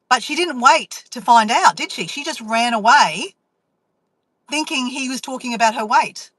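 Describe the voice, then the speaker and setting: A woman vlogger, telling a story to her live chat in a chatty, animated way and acting out inner voices. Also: high voice, moderate pace, no room sound, rough recording.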